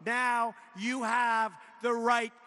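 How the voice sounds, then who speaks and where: A man's voice: very high-pitched, monotone, very slow, bright, forceful tone. Boastful older man at a rally. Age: 70s. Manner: boastful, repetitive, mocking asides. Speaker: politician at a rally. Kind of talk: campaign rally speech. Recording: echoey arena with faint crowd ambience.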